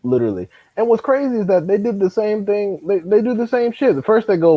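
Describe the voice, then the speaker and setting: A man's voice: high-pitched, sing-song, a little fast, few pauses, no echo, highs cut off. A man co-hosting a casual boxing chat, talking in an exasperated, profane and emphatic way. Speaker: podcast co-host.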